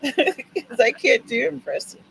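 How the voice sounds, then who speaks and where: A woman's voice: high voice, unhurried, vocal fry, a bit bright, slight background noise, rough recording. A woman hosting a writing-sprint livestream in casual chat, upbeat and cheering viewers on by name.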